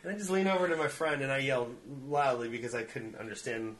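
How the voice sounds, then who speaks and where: A man trades stories on a casual podcast. His voice is bright and forward, with a wide, animated pitch range. He acts out other people's lines in high put-on voices and swears freely. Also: quick pace, slight background noise. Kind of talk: casual storytelling chat.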